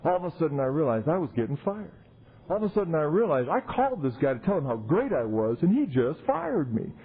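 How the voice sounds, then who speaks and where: A man speaking at a recovery convention, telling his story in an animated way and acting out the people he quotes. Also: on the high side, fast talker, breathy edge. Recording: tinny 1990s tape recording.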